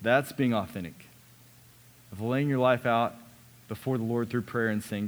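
A man preaching a sermon as a pastor, earnest, sometimes dropping his voice to a hush on key lines. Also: mid-range voice, moderate pace, pauses often. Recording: long reverb of a large hall.

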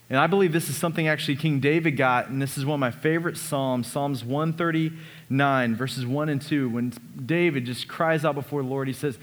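A man preaching a sermon as a pastor, earnest, sometimes dropping his voice to a hush on key lines. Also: medium pitch, steady tone, moderate pace. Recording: long reverb of a large hall.

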